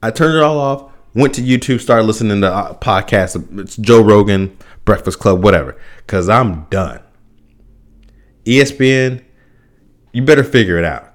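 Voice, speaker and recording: A man's voice: on the low side, expressive, normal speed. A young man hosting a solo podcast, ranting with profanity, frequent restarts and bursts of laughter. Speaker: podcast host.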